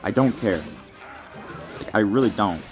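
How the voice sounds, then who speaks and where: A man's voice: lowish voice, measured pace. A young man, delivering a rambling, mock-serious comedic rant full of fillers. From Canada. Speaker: vlogger. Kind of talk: comedic rant addressed to the wind. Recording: music playing under the voice.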